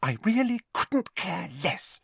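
A man voicing a clever, sharp-tongued teenage witch girl, clipped and disdainful, with a much higher, altered voice. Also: big pitch swings, slow pace, vocal fry, husky, no room sound, full character voice. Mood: prim.

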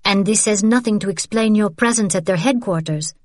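A woman's voice: mid-range voice, fairly quick, dry recording, clean studio sound, voice pushed up, natural voice. A woman voicing a fierce, blunt young Frenchwoman who sharply reproaches her sister in an audiobook. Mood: stern. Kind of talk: audiobook character reading.

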